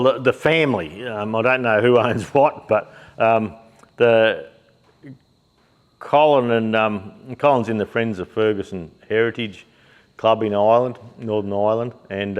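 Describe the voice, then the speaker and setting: In his workshop shed, a middle-aged Australian shop owner and YouTube host chats casually to camera in a mid-range voice. He rambles in a blokey way, using plenty of fillers and the odd swear word.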